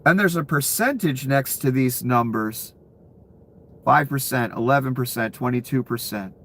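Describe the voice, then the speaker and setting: A man's voice: medium pitch, normal speed, a bit bright, a little hiss or hum. A man giving ranting commentary, profane and incredulous, laughing between outbursts. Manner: profane, incredulous, calls the listener "son".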